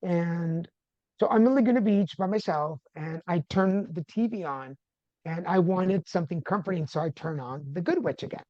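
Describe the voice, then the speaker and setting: Animated man telling a personal story. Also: sits high, moderate pace, dry recording, highs cut off. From Texas. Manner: animated, acts out quoted dialogue. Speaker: podcast guest. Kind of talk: conversational storytelling.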